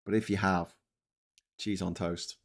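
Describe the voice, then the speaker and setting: Rambling and swearing his way through a live stream, a man keeps drifting from the topic, though he gets excited when he thanks viewers. His voice is low-pitched and gravelly, with a measured pace.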